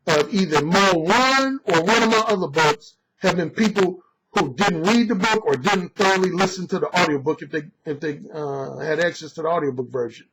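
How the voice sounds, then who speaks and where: Brief: male author-coach with a high voice, cocky and emphatic, swearing freely, on a noisy recording. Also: moderate pace. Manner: boastful, emphatic, blunt with profanity. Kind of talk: opinionated monologue.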